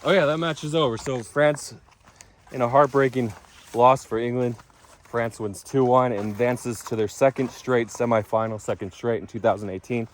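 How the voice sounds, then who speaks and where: A man's voice: medium pitch, fairly even intonation, normal speed. A man vlogging outdoors in a casual, rambling way, full of restarts and asides. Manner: chatty, rambling with restarts and fillers.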